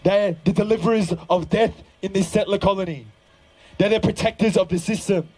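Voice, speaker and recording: A man's voice: high-pitched, steady tone, fairly quick, mellow, low-quality recording. A young man fronting a band, giving a fiery, profane political speech from a live stage between songs.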